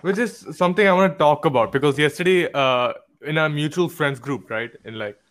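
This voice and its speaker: A man's voice: a little high, a little fast, fairly bright tone. A young man co-hosting a podcast in a casual chat, blunt, joking and profane. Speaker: podcast co-host.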